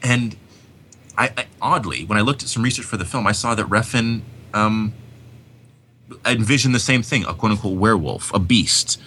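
A man's voice: lowish voice, normal speed, pushed and bright, slight background noise. A man talking about movies in a casual podcast chat, enthusiastic and rambling, often restarting his sentences. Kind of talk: casual film discussion.

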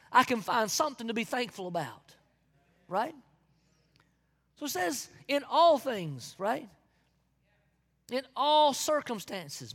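Lively Southern US pastor preaching. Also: medium pitch, in a large hall. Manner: energetic preaching, sudden whoops and shouts, folksy asides. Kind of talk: sermon.

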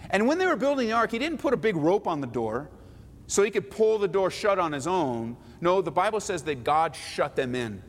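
A man pastor preaching a sermon, shifting between forceful emphasis and hushed, quiet pleading. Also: a little high, in a large hall. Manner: dynamic, swings from forceful to hushed.

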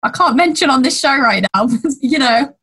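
A woman with a northern English accent co-hosts a casual show. Her voice is high, and she talks in a chatty, gushing way. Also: animated, normal speed, fairly bright tone, husky. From northern England. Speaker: co-host. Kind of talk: casual chat.

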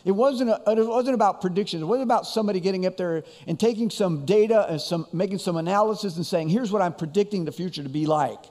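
A man's voice: high voice, fast talker, few pauses, darkish tone, big-room sound. A man preaching a sermon as pastor, in a conversational way with frequent repeated words and restarts.

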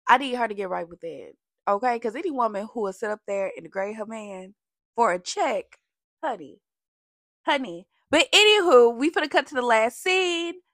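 A woman giving a casual, sassy recap of a reality TV show, animated and full of slang, jumping between topics. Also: a little high, fairly quick, no echo, studio quality.

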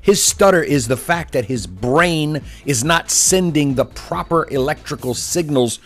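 A man's voice: fairly high pitch, expressive, unhurried, soft background music. Sarcastic man hosting commentary. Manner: sarcastic, derisive, emphatic. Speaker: commentary show host. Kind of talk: mocking political commentary.

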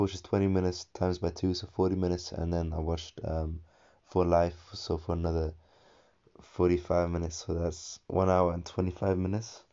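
A man's voice: sits low, warm tone, lo-fi sound. A young man talking through a casual solo podcast, rambling and coaching himself, with many fillers and restarts.

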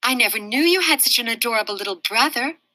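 A woman's voice: a little high, animated, quick pace, pushed and bright, no echo, voice pushed up. A woman voicing a sweet, friendly schoolgirl in a storybook reading.

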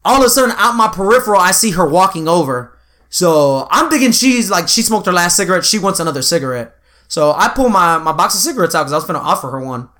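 Young man, lively storyteller, swings up and down, loose and profane. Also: high-pitched. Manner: animated storytelling with profanity and slang. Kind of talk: casual chat.

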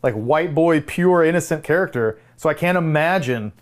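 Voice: medium pitch, expressive, moderate pace. Opinionated podcast co-host. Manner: opinionated, emphatic. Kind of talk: casual movie-discussion chat.

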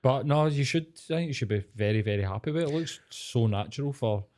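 A man's voice: mid-range voice, animated, darkish tone. A Scottish man hosting a podcast, chatting casually with plenty of swearing and laughter. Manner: laid-back, sweary, quick to laugh. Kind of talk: casual chat.

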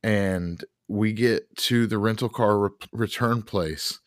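Lowish guy co-hosting a podcast, rambles on laid-back, swears casually. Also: slow pace, no echo, studio quality. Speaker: podcast co-host. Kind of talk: casual storytelling chat.

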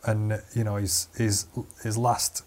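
A man's voice: on the low side, little pitch movement, slow, darkish tone. Young man, casual podcast chat, laid-back, laughs easily.

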